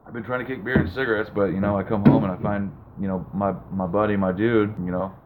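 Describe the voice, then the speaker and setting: A man's voice: fairly low pitch, steady tone, quick pace. A man hosting a casual live call-in stream, laid-back and rambling, with lots of fillers. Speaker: live show host. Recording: phone-like lo-fi with noise.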